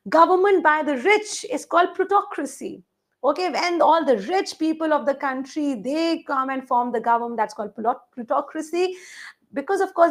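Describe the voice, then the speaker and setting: A woman teaching an online English vocabulary class for exam preparation, explaining words through everyday examples and asking the class questions, with a few Hindi words mixed in. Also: high voice.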